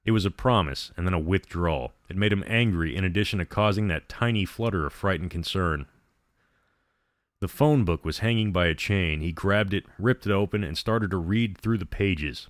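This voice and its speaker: A man narrating a story in a measured, dramatic reading. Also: low voice, dry recording, clean studio sound.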